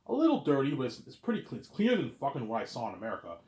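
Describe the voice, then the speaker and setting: A man's voice: medium pitch, huge pitch swings, very fast, darkish tone, reverberant. A man from Canada talking in a rambling, repetitive casual monologue, swearing offhandedly and often asking "you know what I'm saying". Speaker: vlogger.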